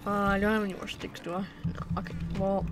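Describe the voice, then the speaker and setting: A woman's voice: mid-range voice, little pitch movement, quick pace, very noisy. A young woman giving casual commentary while playing a game, rambling to herself and breaking into silly chants. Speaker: gameplay commentator. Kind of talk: casual let's-play commentary.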